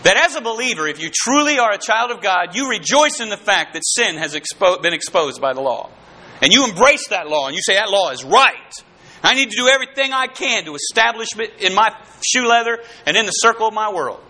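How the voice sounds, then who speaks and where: High, bright-voiced fervent preacher man. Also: very animated, brisk. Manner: fervent, calls out to the congregation, bursts into shouts. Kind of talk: sermon.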